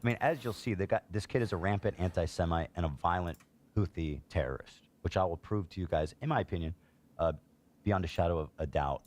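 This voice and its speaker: Deep-voiced male streamer, indignant political ranting, reads posts aloud and reacts. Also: fairly quick, darkish tone. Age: adult, a parent. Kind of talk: heated political commentary.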